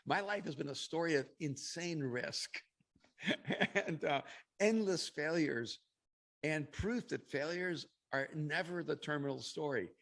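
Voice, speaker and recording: A man's voice: a little high, creaky, a bit bright. A middle-aged man, a podcast guest, telling a long personal story in an interview, reflective and laughing now and then between phrases.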